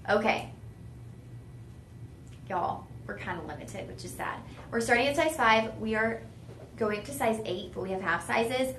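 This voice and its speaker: A woman's voice: a little high, lively intonation, a little slow, pauses often, fairly bright tone, reverberant, a little hiss or hum. A young woman hosting a live jewelry sales stream, chatty and gushing. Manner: gushing, chatty, says y'all a lot. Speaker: shopping channel jewelry host.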